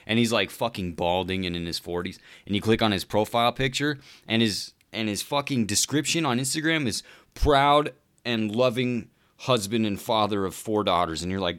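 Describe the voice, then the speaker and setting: A man's voice: fairly low pitch, normal speed, fairly bright tone, smooth. A man ranting casually in a profane, rambling comedic style, calling everyone "dude.".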